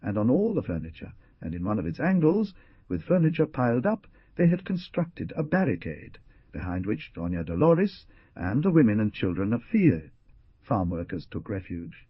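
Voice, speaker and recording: A man's voice: on the low side, sing-song, normal speed, husky, no echo, lo-fi sound. A man narrating an adventure audiobook with dramatic rises and falls. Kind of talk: scripted narration.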